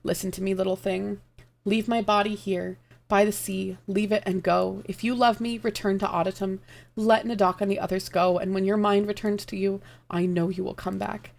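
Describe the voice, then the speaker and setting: A woman reading aloud and voicing a gentle, dying man who speaks softly and tenderly to the one he loves. Her voice has a gravelly edge. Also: medium pitch, flat delivery, normal speed, natural voice. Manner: soft, tender, quiet. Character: dying gentle male lover, tender and calm.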